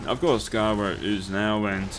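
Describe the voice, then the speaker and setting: A man's voice: on the low side, fairly even intonation, normal speed, a little hiss or hum. Young man spinning yarns. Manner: swears freely, laughs through his stories. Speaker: let's play host. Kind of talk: casual storytelling over gameplay.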